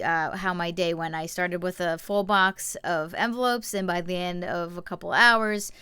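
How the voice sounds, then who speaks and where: Young woman rambling on a home livestream, super clear voice, dry room. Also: medium pitch, fairly bright tone, no room sound. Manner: chatty, rambling, many fillers and restarts. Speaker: musician hosting a live-streamed variety show. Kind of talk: casual live-stream chat to viewers.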